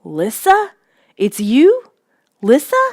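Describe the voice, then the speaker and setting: A woman's voice: a little high, animated, normal speed, no echo, studio quality, voice pushed up. A woman voicing a frightened young kid who stammers and pleads in a raised voice. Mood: accusing.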